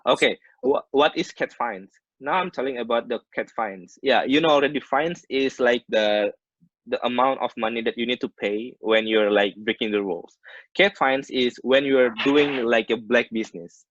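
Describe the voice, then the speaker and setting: A man with an Indonesian accent lecturing on maritime English over a video call, in a mid-pitched voice. He works through ship terms and glosses them in Indonesian. The sound is dull and dry, typical of a muffled online meeting. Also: moderate pace, a bit bright, no echo. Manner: explains terms by switching between English and Indonesian glosses, many restarts.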